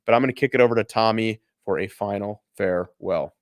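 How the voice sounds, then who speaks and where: A man hosting a daily market livestream, signing off and pitching the channel's premium membership in an upbeat promotional way. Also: fairly quick, no room sound, clean studio sound. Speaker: show host.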